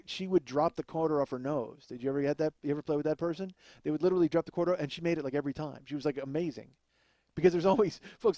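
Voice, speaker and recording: A man's voice: a little high, warm tone, no room sound. A man telling a rambling, profane comic story as a podcast host, often laughing at his own tale. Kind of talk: comedic storytelling.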